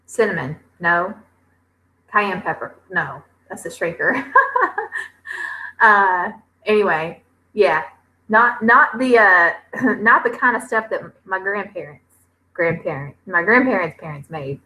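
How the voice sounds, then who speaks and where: A chatty woman, reading viewer comments on a casual livestream. Her voice is bright and forward, and she fills her talk with ums and pauses. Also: medium pitch, rough recording. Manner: chatty, with many fillers and drawn-out pauses. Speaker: homestead vlogger hosting a livestream.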